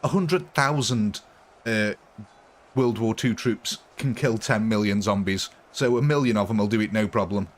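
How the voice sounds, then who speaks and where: A man's voice: lowish voice, moderate pace. A man casually chatting with viewers during a live stream, rambling and laughing often.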